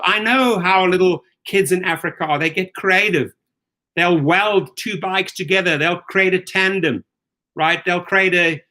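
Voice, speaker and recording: A man's voice: sits high, bright, forceful tone. A middle-aged man hosting rideshare commentary, ranting angrily with profanity and repeated rhetorical questions.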